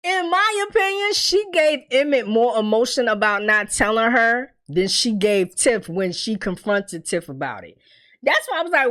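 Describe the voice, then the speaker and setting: A woman giving a casual TV recap, telling the story in a candid, animated way and acting out the characters' lines. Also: on the high side, moderate pace. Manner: candid, swears freely. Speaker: TV recap reviewer.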